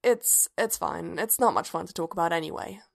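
A woman's voice: on the low side, creaky. Woman voicing an anxious young pilot. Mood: halting. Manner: shaky, halting. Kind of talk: fan fiction reading.

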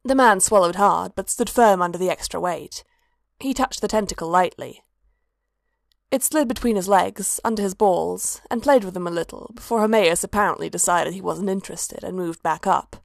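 A woman narrating a story in a steady, even reading voice. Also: lowish voice, normal speed, vocal fry, dry recording, studio quality.

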